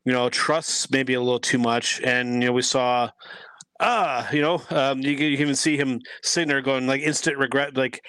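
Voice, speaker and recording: A man's voice: medium pitch, fairly even intonation, normal speed, a bit bright, smooth, dry recording. A man giving his views as a guest in a casual podcast chat, rambling with many restarts. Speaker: guest commentator.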